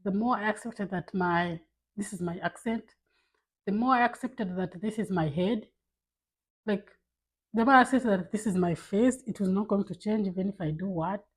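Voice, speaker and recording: Husky-voiced woman giving candid advice. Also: medium pitch, normal speed, rough recording. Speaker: vlogger. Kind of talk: casual talk to camera. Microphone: camera mic.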